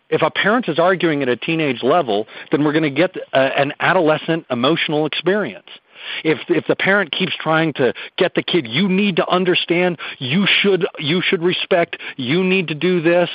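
A man's voice: on the high side, no room sound. Earnest man giving parenting advice. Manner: earnest, emphatic, lecturing. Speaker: parenting expert guest. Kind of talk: radio talk show discussion. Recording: dull dry radio audio.

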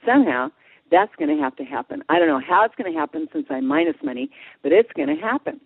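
A woman guest in a radio interview, telling a story in a lively way and acting out what people said. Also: fairly low pitch, fast talker, creaky, slightly rough, no echo. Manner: animated storyteller, acts out quotes. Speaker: guest, passion coach. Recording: dry tinny phone line.

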